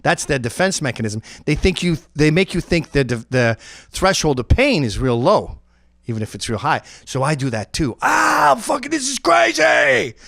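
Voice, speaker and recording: Animated man with a lively, swooping voice. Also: mid-range voice, moderate pace, no room sound, studio quality. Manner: animated, acts out screams and quoted voices. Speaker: comedic host. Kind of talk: profane comedic monologue.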